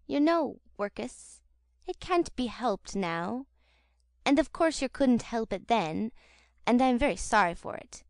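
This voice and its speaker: A woman's voice: gravelly, dry recording, studio quality. A woman doing jeering bully boy Noah. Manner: mocking false pity, turning to shrill blubbering.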